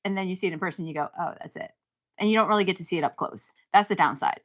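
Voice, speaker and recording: A woman's voice: on the low side, very fast. A woman giving casual watch-along commentary as she reacts to a TV series, chatty, talking back at the screen and laughing often.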